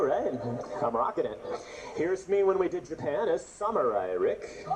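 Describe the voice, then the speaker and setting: A middle-aged man tells humorous stories as an author talking to an audience. His delivery is animated and joking, and his pitch leaps around a lot. The recording carries clear background noise and ambience. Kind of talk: humorous storytelling talk. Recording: noisy audio with background ambience.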